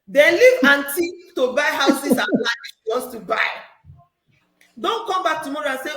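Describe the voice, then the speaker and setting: A middle-aged woman gives relationship advice in an animated, preaching manner, acting out what other people say. Her voice sits a little high. The room around her is noticeably echoey. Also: moderate pace. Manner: animated, preachy, acts out quotes with laughter. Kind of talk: casual advice chat.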